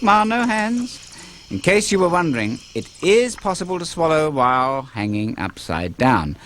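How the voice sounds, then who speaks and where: A man narrating a kids' wildlife program in a jokey, playful way. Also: medium pitch. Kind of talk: scripted wildlife narration for kids. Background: music.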